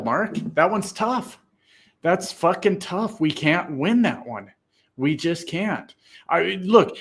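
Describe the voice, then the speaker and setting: A man hosting a casual political livestream, reading viewers' comments aloud and answering them in a profane, emphatic way that turns loud and excited. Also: a little high.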